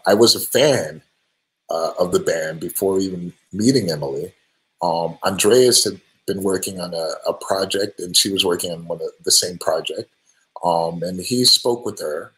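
A band singer answering fan questions on a live stream, friendly and relaxed, with many ums and restarts. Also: male voice, sits low, poor audio. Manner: friendly, thanks each fan by name.

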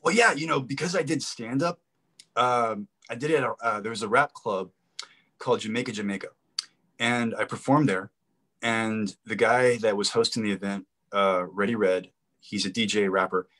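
A man who acts and does comedy, a guest in a casual interview, telling lively anecdotes. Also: on the low side, normal speed.

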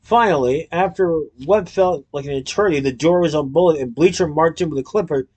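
A man reading a storybook aloud in a lively way, his voice sitting somewhat higher than most men's. He tells the tale briskly and clearly. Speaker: narrator.

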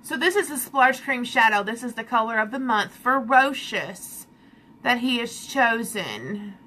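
A woman hosts a casual makeup live stream. She sounds exasperated but laughs along. Her voice is high and bright, she speaks slowly, and there is faint noise behind her. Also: animated.

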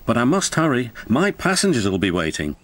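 A man voicing a hearty, friendly male tank engine in a storybook, brisk and encouraging. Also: medium pitch, big pitch swings, heavy background noise, close to an everyday voice.

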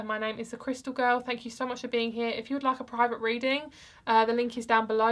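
A young woman with a slightly high voice talks her way through a tarot card reading for her viewers. She rambles in a soft, chatty way, full of fillers and restarts, as if thinking aloud. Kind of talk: casual tarot reading vlog.

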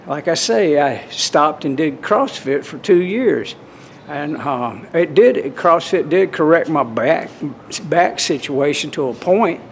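A man's voice: a little high, expressive, takes it slowly, a little hiss or hum. A man, chatting casually to camera in a folksy, rambling way at a swimming pool. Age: 60s. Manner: rambling, folksy, restarts often. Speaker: vlogger.

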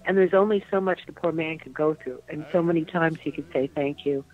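A woman's voice: deep voice, a little fast. An older woman, a guest on a radio interview, remembering aloud in a reflective way, repeating phrases and trailing off. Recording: dry tinny phone line.

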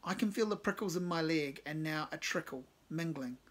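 A man narrating his own short story in a measured, understated way. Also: a little high.

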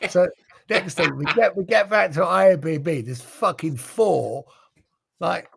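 A British man, a racing driver and podcast guest, telling animated anecdotes with casual swearing. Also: sits high, creaky, a little hiss or hum. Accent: British English. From Britain. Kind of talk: storytelling in a podcast interview.

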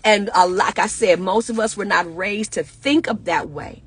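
Husky woman preaching casually. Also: medium pitch, moderate pace, a bit bright. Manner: conversational, preacherly, talks back to listeners. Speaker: pastor and speaker. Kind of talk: casual motivational talk.

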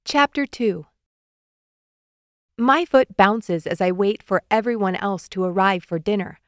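A woman narrating a children's audiobook in the first person of a young boy, reading clearly and expressively. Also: medium pitch, a little slow, no echo, studio quality.

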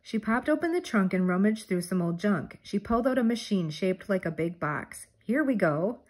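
Husky older woman reading a storybook. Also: medium pitch, normal speed. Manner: steady, clear storytelling. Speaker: storybook reader. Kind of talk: children's book read-aloud.

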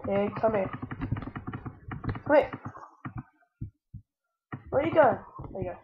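A woman's voice: mid-range voice, slow, phone-quality sound, noisy background. A woman hosting a let's-play gaming commentary, talking to the game and yelping whenever she is in danger. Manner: excitable, talks to the game, yelps when in danger. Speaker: gaming channel host.

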